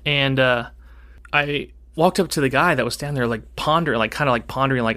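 A man's voice: mid-range voice, brisk. A man co-hosting a podcast, casually telling a rambling story and acting out the dialogue as he goes. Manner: rambling, animated, acts out quoted dialogue. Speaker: podcast co-host.

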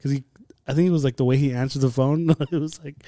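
A young man hosting a podcast, telling stories in animated casual chat and swearing freely. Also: mid-range voice, quick pace, dry recording, studio quality. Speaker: podcast host.

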